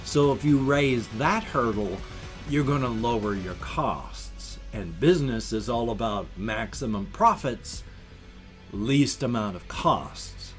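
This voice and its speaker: A man in his fifties talking casually and emotionally in a rambling vlog monologue. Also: medium pitch. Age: 50s. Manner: emotional, rambling, talks of crying over animals. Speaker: vlogger.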